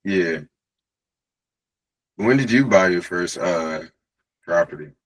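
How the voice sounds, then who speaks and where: Husky low-voiced man asking questions. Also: expressive, slow pace, rough recording. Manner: casual, laughs easily, eager and asks follow-up questions. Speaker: community member asking questions. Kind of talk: casual Q&A chat.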